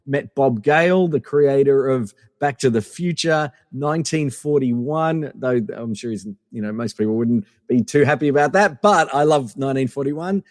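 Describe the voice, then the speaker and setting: A man's voice: mid-range voice, normal speed, few pauses, dry recording, clean studio sound, big-room sound. A man guest telling casual anecdotes in a rambling way, full of fillers and restarts. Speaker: podcast guest.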